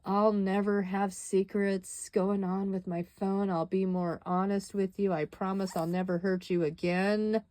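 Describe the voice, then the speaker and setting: A woman's voice: medium pitch, little pitch movement, a little slow, hardly any pauses, dark tone, no room sound, close to an everyday voice. A woman acting out a remorseful ex-lover who earnestly pleads and makes promises. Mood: pleading.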